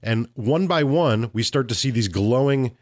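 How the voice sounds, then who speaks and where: A man co-hosting a podcast, telling a game story in casual chat, animated and swearing freely. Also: mid-range voice, measured pace, no room sound, clean studio sound. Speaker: podcast co-host.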